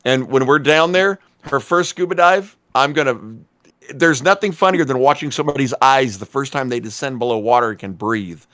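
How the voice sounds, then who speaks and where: A man's voice: medium pitch, normal speed, a bit bright. A man in his forties co-hosting a podcast over a call, easygoing and chatty. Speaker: podcast co-host. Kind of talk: casual chat.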